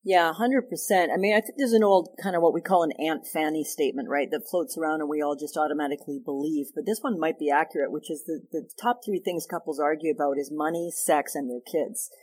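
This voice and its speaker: Animated husky-voiced woman therapist. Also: deep voice, fast talker, hardly any pauses. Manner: animated, emphatic, self-deprecating teaching tone. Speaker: sex therapist guest. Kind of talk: podcast interview.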